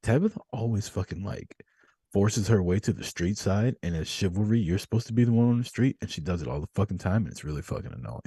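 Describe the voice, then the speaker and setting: Husky low-voiced man telling profane stories. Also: fast, no echo, clean studio sound. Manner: profane, storytelling, animated. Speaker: podcast host. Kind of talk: casual chat.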